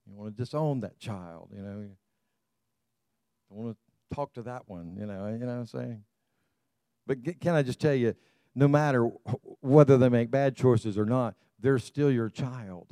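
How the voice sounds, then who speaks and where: A middle-aged man preaching a sermon in a conversational, animated way, often repeating and restarting phrases. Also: medium pitch, measured pace, pauses often, clean tone, no echo. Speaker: pastor.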